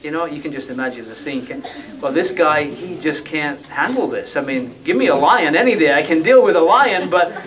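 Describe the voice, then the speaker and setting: A man's voice: fairly high pitch, animated, a little fast, a crowd in the background. Folksy preacher man, slightly distant mic. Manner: conversational, folksy, with frequent rhetorical tag questions. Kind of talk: sermon.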